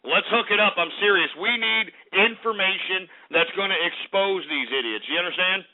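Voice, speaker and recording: Male call-in host, high pitch, cursing rants, tinny phone-like archive sound. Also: moderate pace. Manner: profane, ranting, short-tempered. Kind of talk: call-in talk radio.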